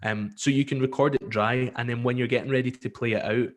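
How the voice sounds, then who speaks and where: A man with a Scottish accent, a radio presenter chatting as a podcast guest, telling lively stories and acting out callers. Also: medium pitch, fast talker. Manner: lively storyteller, acts out callers, many fillers. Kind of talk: casual podcast interview.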